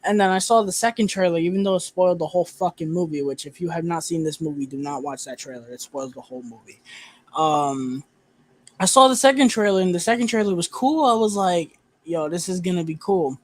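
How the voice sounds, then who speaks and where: A man's voice: high voice, a little fast. A young man hosting a casual movie review chat, talking loosely with fillers and swearing.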